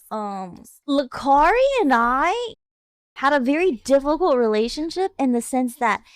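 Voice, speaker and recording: A woman's voice: on the high side, no echo. A woman streamer ranting bluntly and in exasperation on her livestream, swearing freely. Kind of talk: livestream rant.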